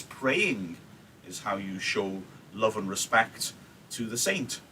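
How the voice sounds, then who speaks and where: A man's voice: lowish voice, very animated, takes it slowly, sharp tone, slight background noise, low-quality recording. A male teacher, giving a chatty live-streamed literature lesson and checking in with "yeah?" asides. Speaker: English teacher.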